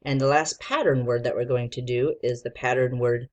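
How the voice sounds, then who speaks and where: A woman's voice: rumbling low, steady tone, normal speed, a little mellow, highs cut off. A woman teacher giving a patient, encouraging spelling lesson to young children and sounding out letters.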